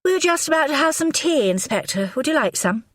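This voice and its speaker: A woman narrator puts on a brittle, scornful upper-class wife in an audiobook, her voice pitched well up and swinging wildly. She sounds shrill and contemptuous, and the recording is close and dry. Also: animated, a little fast, no room sound. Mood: guarded. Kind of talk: audiobook character voice.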